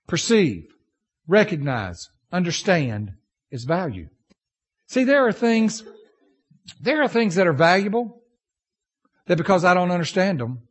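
A man preaching to his congregation in a high, very lively voice. He tells homespun stories, jumping from loud outbursts to low, confiding asides. His pitch swings freely all through the sermon. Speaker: pastor.

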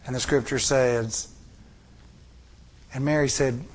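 A man's voice: mid-range voice, moderate pace. A middle-aged man preaching a sermon to a congregation, with repeated rhetorical questions and rising emphasis. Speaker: pastor.

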